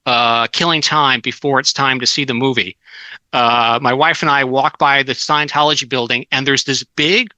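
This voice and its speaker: A man's voice: medium pitch, bright, forceful tone, no room sound, poor audio. A middle-aged man telling casual stories as a guest, with many restarts and fillers. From Southern California. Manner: rambling anecdotes with many restarts. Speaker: guest author. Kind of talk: casual storytelling.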